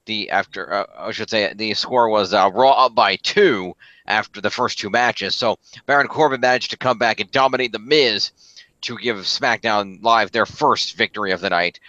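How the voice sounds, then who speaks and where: A man recaps a wrestling show in casual podcast chat. His voice is bright and forward. The recording is dry and a little dull. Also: on the low side, no echo. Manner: recaps results, fillers and restarts. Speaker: podcast co-host.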